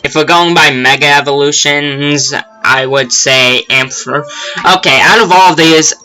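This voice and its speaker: A man's voice: fairly high pitch, a little slow, sharp tone, faint music behind, low-quality recording. A man giving casual, rambling commentary while playing a game, jokey and laughing at himself. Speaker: let's play gamer.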